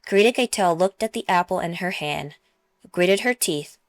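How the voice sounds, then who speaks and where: A woman, the author, narrating her own novel in a steady, measured reading. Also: fairly low pitch, no room sound. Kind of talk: audiobook narration.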